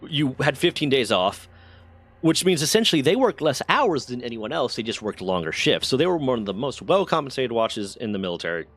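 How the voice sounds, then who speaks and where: Animated man telling a story while gaming. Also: medium pitch, a little fast. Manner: rambling, profane, animated. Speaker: gaming streamer.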